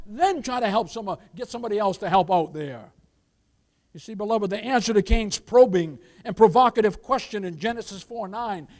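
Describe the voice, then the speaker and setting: High-voiced pastor preaching emphatically. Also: male voice, lively intonation, moderate pace, darkish tone. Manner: addresses listeners as "beloved", keeps asking for amens; emphatic preaching with scripture quotes. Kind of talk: sermon.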